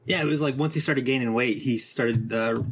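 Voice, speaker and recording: A man's voice: medium pitch, moderate pace, breathy edge. A man co-hosting a podcast who chimes in with wry, dry asides. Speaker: podcast co-host. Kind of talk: casual podcast chat.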